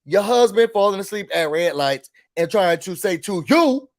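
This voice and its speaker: A man giving a casual, exasperated rant to camera about a reality TV show. He talks straight at the people on the show and mimics them in quick put-on voices. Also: sits high, expressive, no echo, studio quality. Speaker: reality TV reviewer.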